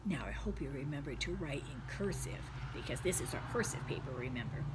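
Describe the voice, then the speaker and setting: A woman leads a spelling lesson for second graders. She sounds out each word slowly and clearly, spelling it letter by letter. A faint hiss of background noise sits under her voice. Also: fairly low pitch. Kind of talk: recorded spelling lesson for children.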